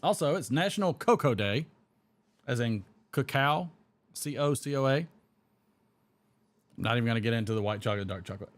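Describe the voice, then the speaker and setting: A man hosts a live pipe-smoking stream, chatting casually in an expressive, mid-range voice that runs a little fast and has long pauses. He rambles while he smokes, reading chat comments aloud and chuckling.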